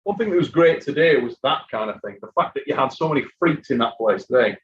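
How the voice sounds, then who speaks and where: A man's voice: medium pitch, expressive, fast talker, slight background noise. A man hosting a casual live stream, chatty and worn out from lack of sleep, reading out viewer messages. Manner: chatty, reads out super chats. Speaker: host of an armwrestling live stream. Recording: muffled lo-fi live stream audio.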